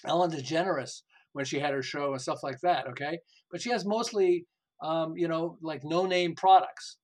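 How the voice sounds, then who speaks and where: Older male author guest, high-pitched, animated storyteller, chuckles through anecdotes. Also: poor audio. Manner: animated, laughs often, acts out quotes. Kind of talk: enthusiastic storytelling interview.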